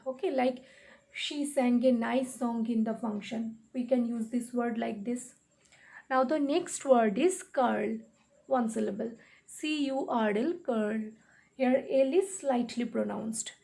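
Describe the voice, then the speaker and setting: Slow, gravelly-voiced woman teacher. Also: high-pitched, mellow. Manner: slow, spells words letter by letter. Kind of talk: spelling and pronunciation lesson.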